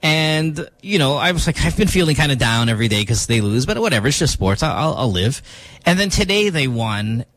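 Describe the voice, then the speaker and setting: A man chatting on a morning radio show, his pitch swinging widely as he spins a self-mocking story. The sound is dry and close, with no room around it. He talks casually and fills gaps with ums and likes. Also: fairly quick, no room sound. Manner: animated, self-mocking storytelling with many fillers.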